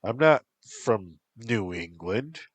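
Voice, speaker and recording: A man's voice: lowish voice, expressive, slow pace, slightly rough, no echo, voice pushed up, heavily acted. Man doing an insistent young college woman.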